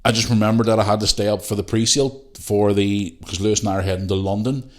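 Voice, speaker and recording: A man's voice: fairly low pitch, fairly even intonation, fast. A middle-aged Northern Irish man hosting a podcast, telling a rambling, sweary story and talking to his listeners as guys. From Northern Ireland. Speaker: podcast host. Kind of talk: casual storytelling chat.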